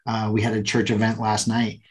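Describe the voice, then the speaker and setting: Earnest lower-voiced male podcast host. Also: completely flat delivery, a little fast. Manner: enthusiastic, earnest. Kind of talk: casual conversation.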